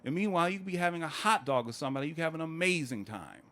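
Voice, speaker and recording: A man performing a stand-up comedy set, telling stories in a conversational, deadpan way. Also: fairly high pitch, very fast. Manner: conversational, deadpan storytelling with acted quotes.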